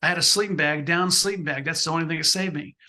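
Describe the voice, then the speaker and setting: An older man in his sixties gives motivational advice in an interview, pressing each point hard and often circling back to restart a phrase. His voice sits a little high for a man and rings bright and forceful. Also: fast. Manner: emphatic, repeats and restarts phrases. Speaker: photographer, interview guest.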